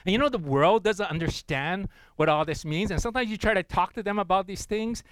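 A man's voice: high voice, brisk, fairly bright tone, smooth, rough recording. A man preaching a sermon in a conversational way. He often checks in with the congregation and laughs at his own stories. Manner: tells a joke with acted voices. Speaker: pastor.

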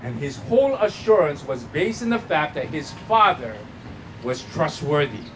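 A man's voice: a little high, big pitch swings, moderate pace, slight background noise, poor audio. A man preaching as pastor at a church service, emphatic, drawing answers from the congregation. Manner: emphatic preaching with call-and-response. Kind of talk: sermon.

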